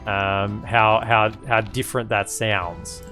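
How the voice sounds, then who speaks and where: A man's voice: fairly low pitch, steady tone, slow, bright, forceful tone, soft background music. An Australian man giving casual, chatty gameplay commentary as a streamer, often repeating himself. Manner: chatty, repeats words, many restarts.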